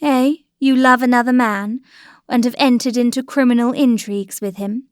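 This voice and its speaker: A woman's voice: a little high, steady tone, normal speed, no echo, clean studio sound, lightly acted. A woman reading the lines of a proud aristocratic young wife, with raised, bitter irony. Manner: bitter frivolous irony, louder than the narration.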